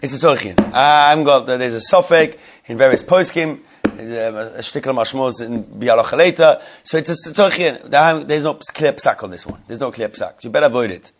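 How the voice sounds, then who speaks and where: A man's voice: mid-range voice, normal speed, a little hiss or hum. A man teaching a religious law class to a live group, repeating key points and putting questions to his listeners.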